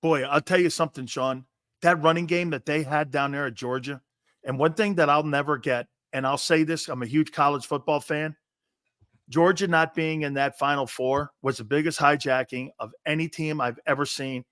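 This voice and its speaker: A man hosting a sports talk show, brash and profane, arguing loudly with his co-host. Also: on the high side, fairly even intonation, normal speed, no room sound.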